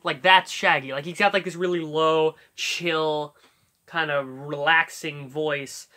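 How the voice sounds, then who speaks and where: Slow and fairly even in intonation, this mid-range voice has a sharp edge. It belongs to a YouTuber rambling through a casual tutorial on cartoon voice impressions, full of fillers while working things out aloud.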